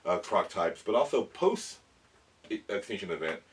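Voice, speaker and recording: A man's voice: lowish voice, expressive, unhurried. A man hosting a casual toy review and science explainer for kids, chatty and rambling, often correcting himself. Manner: addresses kids. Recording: voice a bit far from the mic, faint background noise.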